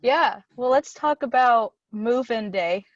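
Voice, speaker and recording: A woman's voice: on the high side, takes it slowly, no echo, highs cut off. A young woman co-hosting a podcast, telling stories in casual chat and acting out what people said. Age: young adult. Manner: storytelling, acts out her own quotes. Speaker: podcast co-host.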